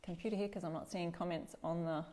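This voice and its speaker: A middle-aged Australian woman hosting a casual DIY live stream from her home workshop, chatty and greeting viewers by name, a little stuffy and clearing her throat. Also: lowish voice, fairly even intonation, fast, warm tone. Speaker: DIY craft host.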